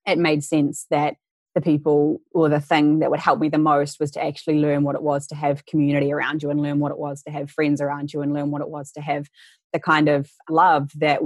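Low-voiced young woman telling her story. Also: dry recording. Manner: candid, earnest, re-enacts quoted voices. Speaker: interview guest. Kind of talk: personal storytelling in an interview.

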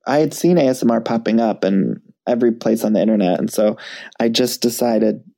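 A man chatting as a podcast guest, animated and self-mocking, laughing at himself often. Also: mid-range voice, brisk, gravelly. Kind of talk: casual chat.

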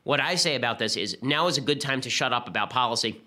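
A man hosting a podcast, delivering an argumentative political commentary monologue with quick restarts. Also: mid-range voice, lively intonation, bright, forceful tone. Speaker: podcast host.

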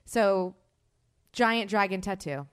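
A young woman hosts a casual chat. She tells stories frankly and chattily, laughing often and trailing off into restarts. Her voice sits at an ordinary middle pitch. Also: animated, slow, smooth. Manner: chatty, giggly, frank storytelling. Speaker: podcast host.

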